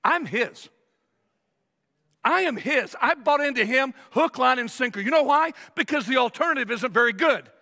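A man preaching a sermon as pastor, emphatic and lively, sometimes acting out whiny complaints. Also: very high voice, normal speed. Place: large church sanctuary. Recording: long reverb of a church hall.

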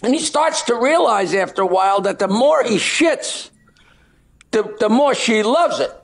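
A comedian tells joke after joke in a high, lively voice. His pitch swings wide as he acts out the characters, and he cracks himself up along the way. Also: normal speed. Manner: bursts into shouted punchlines and cackling laughs. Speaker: comedian telling jokes. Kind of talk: rapid-fire joke telling.

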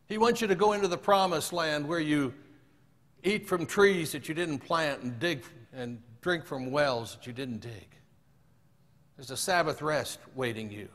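A man preaching a sermon in an earnest way, often dropping his voice low and quiet when he quotes scripture. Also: long reverb tail.

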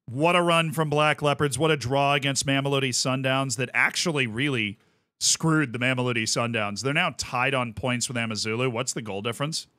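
A man streaming a football management game, who swings from quiet musing to loud commentator-style shouts. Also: no echo. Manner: shouts goal calls like a sports commentator; drops low and quick when musing.

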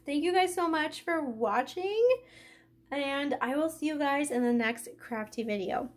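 A woman hosting a craft unboxing vlog, gushing and excitable, filling her talk with "like" and getting emotional and out of breath. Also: sits high, unhurried. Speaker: craft channel host.

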